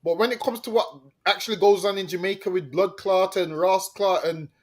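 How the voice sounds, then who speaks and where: High-voiced mocking man on a podcast. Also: fairly even intonation, a little fast. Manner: mocking, laughing, slangy, tags "man". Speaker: podcast co-host. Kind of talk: casual chat.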